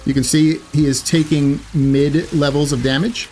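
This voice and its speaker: A man's voice: on the high side, fairly even intonation, normal speed, darkish tone, soft background music. A man giving casual gameplay commentary in a chatty way, correcting himself often with loose filler words. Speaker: gaming YouTuber.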